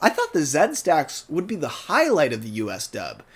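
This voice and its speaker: A man giving a casual, rambling fan commentary, full of fillers and restarts, animated, now and then breaking into character voices. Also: on the high side, moderate pace, husky. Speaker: channel host, fan commentator.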